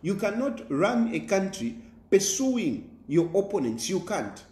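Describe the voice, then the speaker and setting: A Zambian politician delivers a forceful, preaching monologue, repeating his points and stumbling through fillers. His fairly high voice swings up and down a lot, and the room around him rings with echo. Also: big pitch swings, a little slow. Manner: emphatic, repetitive, preaching tone with many fillers.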